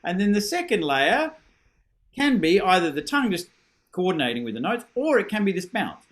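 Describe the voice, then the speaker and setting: A middle-aged man leads a horn masterclass over a video call, his voice pitched high for a man. He praises readily, jokes about himself and demonstrates with short sung syllables. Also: very animated, moderate pace, a bit bright. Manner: encouraging, self-deprecating, demonstrates with sung syllables. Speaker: horn teacher giving a masterclass.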